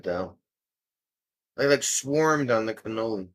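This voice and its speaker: In a relaxed live chat, this man answers viewers, teases them in fun, and skips between topics. His medium-pitched voice is slightly bright, with lively intonation and an unhurried pace, as fits a casual livestream host.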